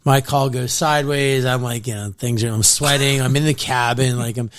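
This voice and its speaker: A man from New Jersey, a podcast guest, telling fishing stories in a casual, animated way, laughing often and trailing off mid-sentence. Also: mid-range voice, moderate pace.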